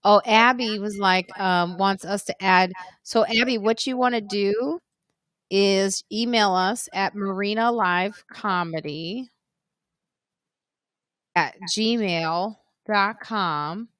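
A woman hosts a relaxed live stream with a voice of medium pitch. She chats freely and stops to read out comments from viewers. The sound is close and dry, with no room echo. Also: takes it slowly. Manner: chatty, reads out viewer comments. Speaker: podcast host. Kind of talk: casual live-stream chat.

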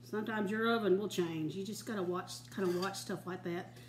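A woman's voice: mid-range voice, fairly even intonation, brisk, reverberant, a little hiss or hum. An older woman hosting a home cooking show, chatting in a folksy way and giggling often. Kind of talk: casual home cooking demonstration. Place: home kitchen.

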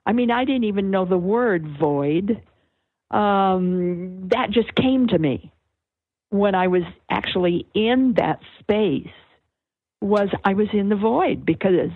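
An older woman, a guest author on an interview, explaining things in a slow, searching way with many fillers and restarts over a phone line. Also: medium pitch, dry recording. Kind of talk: reflective conversational explanation. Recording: tinny phone-line sound.

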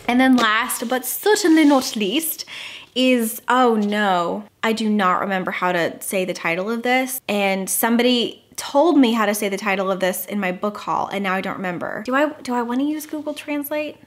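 A woman's voice: medium pitch, normal speed. A young woman talking casually to the camera as a book vlogger, bubbly and chatty with lots of fillers.

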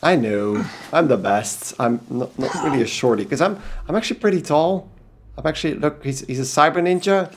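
A man's voice: on the high side, brisk, slight background noise. A man with a Belgian accent giving rambling, casual commentary over a video game, joking and talking to himself. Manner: rambling, talks to himself, jokey asides. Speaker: let's play host.

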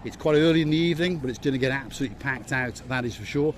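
A man's voice: medium pitch, racing, slight background noise. Jokey man giving a walking-tour commentary. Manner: jokey, playful, repeats words for emphasis. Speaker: vlog host and tour guide. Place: outdoor seaside promenade.

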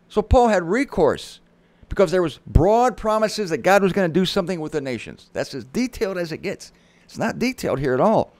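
A man's voice: high voice, a little mellow, no room sound. A middle-aged man teaching the Bible in a sermon style, reading verses aloud with dramatic emphasis and dropping casual asides. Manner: conversational asides.

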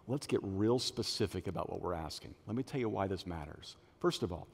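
A middle-aged male pastor preaching a sermon in a church auditorium, telling stories and acting out the voices of the people in them. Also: on the low side. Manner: animated storytelling, acts out quoted voices. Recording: long hall reverb.

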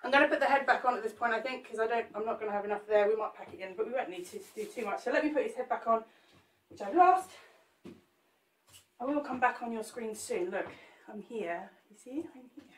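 Lady doing a live cake demo, kinda high voice, chatty and jokey, sounds echoey. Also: animated, fast, far from the mic. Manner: chatty, jokey, talks to viewers while working. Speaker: cake artist teaching a live sculpt. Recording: roomy echo, off the mic.

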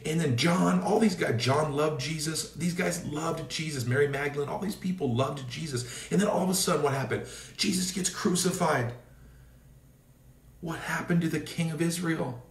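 A man's voice: normal speed, roomy sound, recorded from a distance. A man from the Seattle area leading a fervent prayer and sermon, declaring and telling stories with energy. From Seattle area, Washington State. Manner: fervent, declaring, storytelling with rising pitch. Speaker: preacher.

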